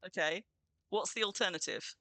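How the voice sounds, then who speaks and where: Bright, chatty woman streamer. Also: fairly low pitch, normal speed, dry recording. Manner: chatty and bubbly, greets viewers. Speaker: streamer hosting a game stream. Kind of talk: casual livestream chat.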